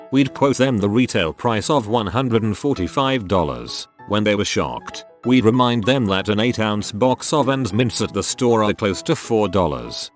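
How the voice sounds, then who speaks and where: Lively low-voiced male story narrator. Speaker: narrator reading online stories. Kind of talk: scripted narration. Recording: faint background music.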